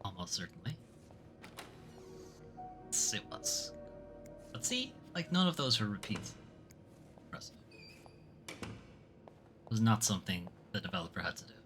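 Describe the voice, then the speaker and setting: A man's voice: fairly low pitch, big pitch swings, a little slow, pauses often, over music. A man streaming a game, chatting casually and muttering, often trailing off mid-thought. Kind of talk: casual gameplay commentary.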